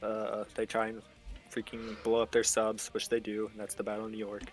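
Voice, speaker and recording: A man's voice: on the low side, monotone, brisk, soft background music. Rambling young man recapping game lore. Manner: rambling, loose slangy storytelling with fillers. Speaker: host explaining game lore. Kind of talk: casual comedic recap.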